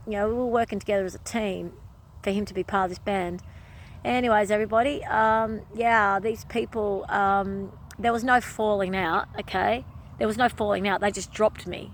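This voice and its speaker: A woman's voice: medium pitch, slight background noise. A woman vlogger in an emotional personal monologue, speaking emphatically and repeating phrases over and over.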